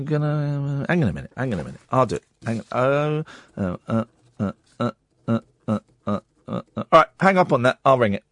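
Lively, rambling radio host. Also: male voice, medium pitch, no echo, clean studio sound. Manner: rambling, excitable, self-mocking. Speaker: radio presenter. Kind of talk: late-night phone-in radio chat. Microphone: studio microphone.

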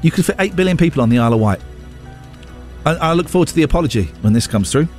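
Animated man hosting a radio show. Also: a little high, rapid-fire, faint music behind. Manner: playful, mock-indignant, animated. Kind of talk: casual radio banter. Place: radio studio. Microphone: studio microphone.

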